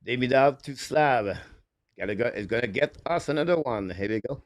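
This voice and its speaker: A man calling hockey live from home as an excitable fan, his phrases clipped and hurried. His voice sits at an ordinary middle pitch. It comes through a headset mic with a dry, close sound. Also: no room sound. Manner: rapid, clipped, broken phrasing; eager, apologetic asides. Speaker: fan play-by-play commentator. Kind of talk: live amateur hockey commentary. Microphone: headphones with mic.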